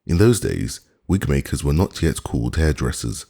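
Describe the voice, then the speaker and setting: Male audiobook narrator, very deep voice with a husky edge, lively and expressive. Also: moderate pace. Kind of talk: scripted narration of a classic novel.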